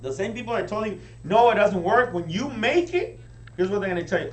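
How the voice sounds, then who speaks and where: A man giving a high-energy motivational training talk to a live audience, often checking in with them. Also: fairly quick. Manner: energetic, keeps asking the crowd "right?". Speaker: business team leader training recruits. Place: meeting room with an audience. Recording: echoey room, distant mic, faint hum.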